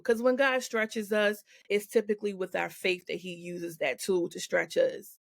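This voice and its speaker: A woman's voice: medium pitch, steady tone, measured pace, vocal fry, no echo. Woman guest, casual faith chat, laughs often, dry close recording. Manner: laughs often, acts out quoted voices. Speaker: podcast guest.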